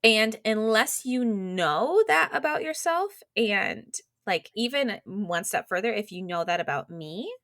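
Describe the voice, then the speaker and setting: Woman, podcast guest coach, casual animated explaining, middle pitch, lots of "like". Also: unhurried, few pauses, dry recording, clean studio sound. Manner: animated, quotes imagined inner voices, many "like" fillers. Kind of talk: casual explanatory interview talk.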